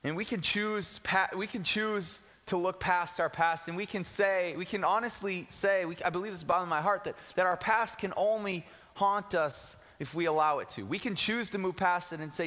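Bright-voiced young preacher in a big hall. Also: male voice, high-pitched, moderate pace, few pauses. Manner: casual, earnest preaching with slang and repeats. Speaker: pastor. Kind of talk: sermon. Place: church sanctuary. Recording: long hall reverb.

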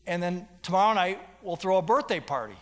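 Earnest, eager preacher voiced by a man, fairly high voice, hall reverb. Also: expressive, a little fast. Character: eager middle-aged male preacher planning a party.

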